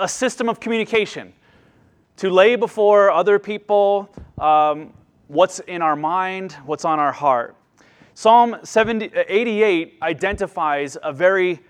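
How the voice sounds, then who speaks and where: A man preaching a sermon to a congregation in an earnest way, rising to emphatic lines and dropping to hushed, quieter asides. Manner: earnest, swings between emphatic rises and hushed low asides. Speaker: pastor.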